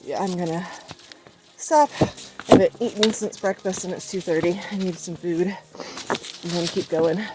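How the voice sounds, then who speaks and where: A woman's voice: on the low side, measured pace, very noisy. A young woman vlogging on a mountain trail with a handheld camera, chatty and laughing often, sometimes out of breath as she talks to her dog and friends. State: out of breath at times. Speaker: hiking vlogger. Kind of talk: casual trail vlog.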